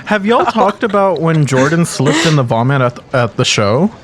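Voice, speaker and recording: A man's voice: a little high, animated, normal speed. A man in a casual podcast chat, laid-back and chuckling as he adds asides.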